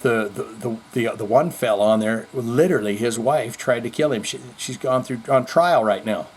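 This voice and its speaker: A man's voice: medium pitch, moderate pace, husky. A male show host telling jokes and rambling through a casual, profane comedy monologue. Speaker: podcast host.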